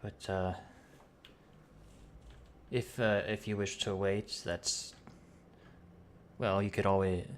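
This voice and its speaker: A man running a tabletop game as game master, talking in a halting way with many fillers and restarts, with a cough. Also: low-pitched, level tone, a little hiss or hum.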